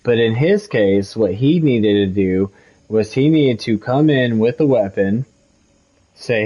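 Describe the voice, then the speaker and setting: A man's voice: lowish voice, expressive, slow pace, dull audio. Profane heated storyteller, man from Missouri. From Missouri, USA. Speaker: game streamer. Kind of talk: casual chat while gaming. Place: home.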